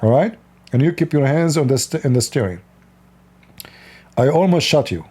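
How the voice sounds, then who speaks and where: A man's voice: fairly high pitch, animated, normal speed, darkish tone, slightly rough. A man voicing a stern, jumpy American policeman who barks orders at a driver. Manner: barking commands.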